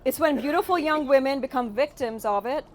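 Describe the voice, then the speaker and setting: A British-raised woman in her forties doing a stand-up set, with a British accent softened by California and a wry, punchline-driven way of telling stories. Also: high voice, fairly quick, slight background noise. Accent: British with a slight Californian tinge. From United Kingdom. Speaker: stand-up comedian.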